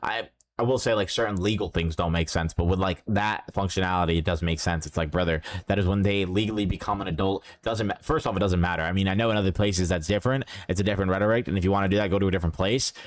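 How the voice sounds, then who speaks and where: A young man chatting casually as a reaction streamer, rambling with lots of filler words and breaking into animated voices. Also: low voice, fast, few pauses. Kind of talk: casual chat.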